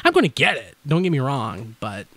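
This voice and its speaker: Fast-talking, wired podcast host man. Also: medium pitch, big pitch swings, sharp tone. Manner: fast, words blurring together; energized, wide awake. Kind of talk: casual chat.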